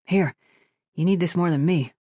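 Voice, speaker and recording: A woman's voice: lowish voice, moderate pace, mellow, no room sound, lightly acted. A narrator voicing a tough young woman who talks in a dry, clipped way in an audiobook. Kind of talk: audiobook character voice.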